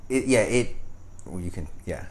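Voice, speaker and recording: A man co-hosting a podcast in casual chat, rambling with many fillers and restarts, and going quiet and low when he turns serious. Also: animated, moderate pace. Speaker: podcast co-host.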